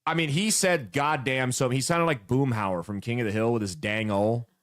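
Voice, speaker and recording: A man's voice: medium pitch, moderate pace. A man from the American Midwest hosting casual political commentary, talking bluntly and with sarcasm.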